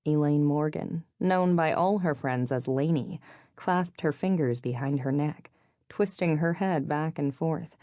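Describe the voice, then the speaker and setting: A woman with a low voice reads a novel aloud in an even, measured storytelling manner. The sound is close and dry, with no room around it. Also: no echo. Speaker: audiobook narrator. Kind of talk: scripted narration.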